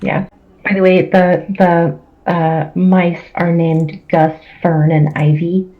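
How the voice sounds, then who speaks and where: A woman's voice: lowish voice, flat delivery, slow pace. A woman playing a tabletop game, upbeat and giggly, heard through a dull lo-fi feed. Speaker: player. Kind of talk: casual tabletop play.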